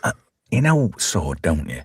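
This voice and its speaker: A man hosts a loose, joking chat show, rambling through stories with lots of restarts. His pitch swings widely as he talks, and the sound is close and dry, with no room around it. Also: big pitch swings, measured pace, slightly rough, no room sound. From lived in Alberta, Canada. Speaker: host. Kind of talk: casual livestream banter.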